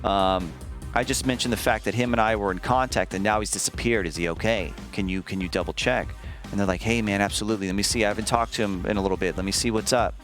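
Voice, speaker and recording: A man streaming, telling a story casually to his chat in an animated, profane way, acting out the lines he quotes. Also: fairly low pitch, fast, soft background music.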